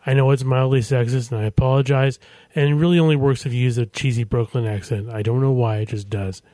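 A man's voice: medium pitch, fairly even intonation, quick pace, mellow, no room sound. Middle-aged male radio host, casual joking patter, dry close studio mic. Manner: chatty, self-deprecating jokes. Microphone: studio microphone.

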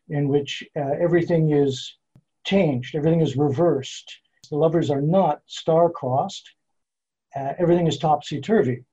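A man, a poet being interviewed, explaining his verse forms in a measured, careful way. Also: a little high, warm tone, breathy edge. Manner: measured, explanatory, slows down to spell out meter. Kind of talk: thoughtful interview answers. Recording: dull lo-fi sound.

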